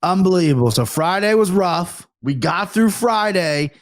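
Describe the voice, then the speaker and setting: A man telling a lively story on a podcast, excited and animated. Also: high-pitched, no echo, studio quality. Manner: fast, excited anecdote-telling. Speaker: podcast producer and guest. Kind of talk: casual storytelling.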